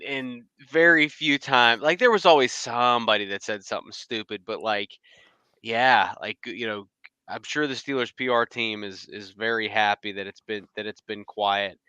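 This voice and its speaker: A man co-hosting a sports podcast, talking in a blunt, animated way and laughing often. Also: medium pitch, clear, resonant tone, no room sound. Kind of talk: casual sports chat.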